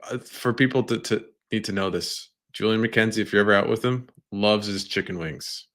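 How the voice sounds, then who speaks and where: A quiet, soft-spoken man chatting on a sports podcast. His voice sits fairly low but has a bright, forward ring. He keeps things relaxed and easygoing. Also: moderate pace. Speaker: podcast host. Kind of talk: casual sports podcast chat.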